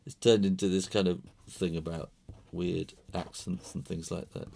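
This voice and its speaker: A man's voice: low voice, little pitch movement, moderate pace, gravelly, dark tone. A British man, an illustrator, chatting and laughing often as he talks through a drawing tutorial. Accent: British English.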